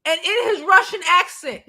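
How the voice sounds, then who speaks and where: A woman's voice: extremely high pitch, unhurried, pushed and bright. A middle-aged woman hosting a live stream, chatting casually and animatedly with frequent fillers and restarts. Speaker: channel host.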